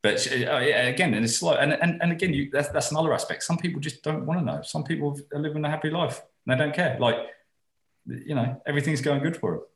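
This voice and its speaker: A man's voice: fairly high pitch, quick pace, gravelly, roomy sound. A man in casual podcast chat as a guest, rambling and swearing casually.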